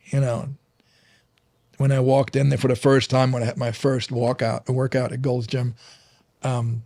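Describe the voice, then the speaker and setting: A man's voice: mid-range voice, gravelly, darkish tone, no echo. German-accented man telling long stories. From Germany (Berlin). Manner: rambling, many restarts and fillers. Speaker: guest, fitness trainer. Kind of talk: casual interview storytelling.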